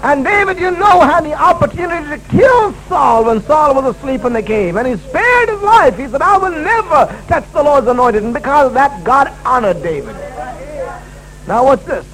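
A man's voice: very high-pitched, big pitch swings, moderate pace, a bit bright, rough recording. A man preaching a sermon at a church service, emphatic and repetitive, restating his key lines.

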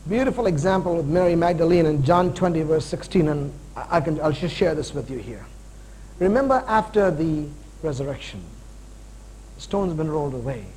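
A man in his forties preaching a sermon, animated, swinging between loud emphasis and quiet, slow points. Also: on the high side, a little hiss or hum, low-quality recording. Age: 40s.

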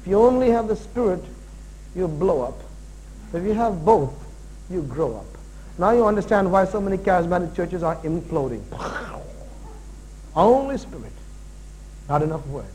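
A man preaching a sermon as pastor, animated and full of jokes and asides. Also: high voice, moderate pace, pauses often, a little hiss or hum, rough recording.

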